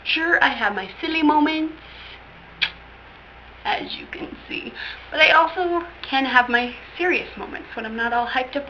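A woman's voice: sits high, measured pace, bright, forceful tone, a little hiss or hum. A teenage woman talking casually to her webcam, hyper, giggly and silly, on muffled lo-fi audio. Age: late teens.

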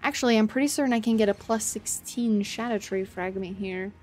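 A woman streaming a game, chatting to her viewers in a flustered, self-mocking way, with loud panicked outbursts and casual swearing. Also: mid-range voice, a little fast. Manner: swears casually, talks to chat. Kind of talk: casual gameplay commentary. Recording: faint game music behind.

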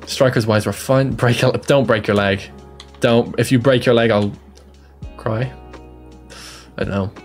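A man's voice: mid-range voice, fairly even intonation, measured pace, long pauses, faint music behind. A young Irish man giving casual, jokey live commentary on a game, self-deprecating and chatty. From Ireland. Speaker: streamer.

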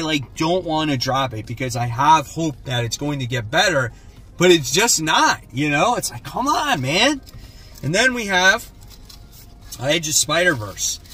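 A man's voice: a little high, a bit bright, breathy edge. A man hosting a casual comic haul video, laid-back and blunt, often tacking "man" onto his sentences. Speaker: comic book channel host.

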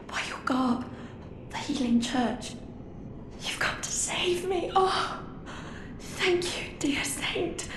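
An actress playing a frightened nun with an Estuary accent, breathless and pleading in a video game. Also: female voice, very high-pitched, expressive, takes it slowly, long pauses, echoey room, background noise, exaggerated voice. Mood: relieved. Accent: Estuary English.

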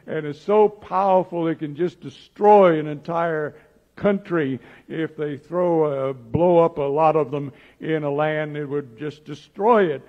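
A male pastor preaching a sermon as a story, acting out the lines of its characters in his own voice. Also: on the high side. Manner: acts out dialogue in plain voice, animated. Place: church sanctuary. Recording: dull old church audio with long reverb.

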